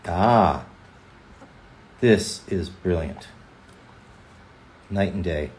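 A man's voice: deep voice, very slow, darkish tone. Playful, rambling man at a live signing. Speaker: voice actor signing autographs on a livestream. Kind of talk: casual chat.

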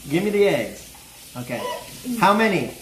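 A young man streaming while baking in a home kitchen, talking loudly and casually, swearing often, laughing and startling easily. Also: sits high, very animated, moderate pace. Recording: echoey room with noise.

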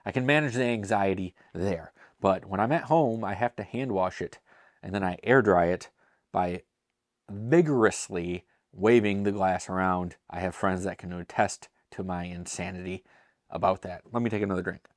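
A man hosts a laid-back beer tasting review in a fairly low voice. He talks enthusiastically and chattily, with self-deprecating asides. The recording is dry and close, with no room sound. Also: normal speed, no room sound. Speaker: beer reviewer and show host.

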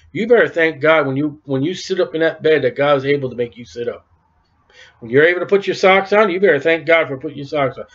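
A man's voice: a little high, highs cut off. A man preaching an informal sermon in a conversational way, acting out bits of dialogue as he goes. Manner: conversational, acts out dialogue in quoted voices.

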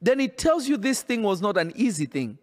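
A man's voice: high-pitched, sing-song, brisk. A man preaching a sermon in an emphatic, insistent way, often repeating his phrases.

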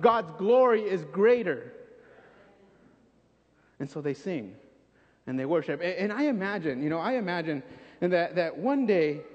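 A male preacher with a high voice delivers an animated sermon, acting out scenes and repeating phrases for emphasis. His words trail into a long church reverb, and the recording is muffled and dull. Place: church sanctuary.

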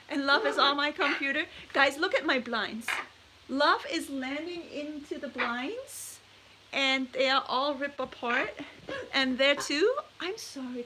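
A woman chatting casually on a livestream from her bedroom, cooing softly to her pet birds between remarks. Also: high-pitched, unhurried, a little hiss or hum, rough recording. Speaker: parrot vlogger.

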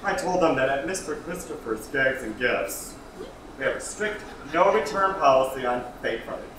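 A man's voice: mid-range voice, expressive, normal speed, natural voice. A man playing a sarcastic, campy shop worker on a smoke break, in a staged reading of a TV script. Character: sardonic man who smokes on his break. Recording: very echoey room, mic far, noisy.

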